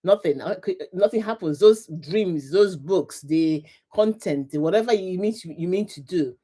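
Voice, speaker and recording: A woman's voice: fairly low pitch, expressive, normal speed, mellow, breathy edge. A middle-aged woman hosting a live motivational talk, speaking emphatically with lots of repetition and laughing often as she greets her viewers. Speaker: livestream host, coach.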